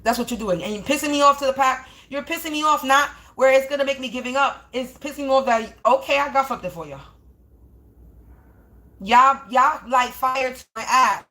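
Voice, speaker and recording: Fairly high-voiced woman hosting her own live stream, swearing and rambling at her critics. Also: fairly quick, bright, forceful tone. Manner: profane, confrontational, rambling. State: dry mouth while smoking. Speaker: spiritual reader streaming live. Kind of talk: ranting live-stream monologue.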